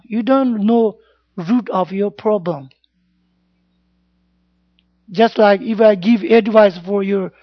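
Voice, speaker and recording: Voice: medium pitch, no room sound. Buddhist teacher, plain broken English, keeps checking in with the class; dull, dry lo-fi recording. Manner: simple broken English, frequent checks like "yeah?" and "you know". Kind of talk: informal Dharma class talk.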